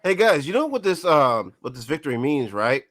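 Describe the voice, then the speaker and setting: A man chatting casually on a livestream, joking in a relaxed way. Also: fairly high pitch, moderate pace.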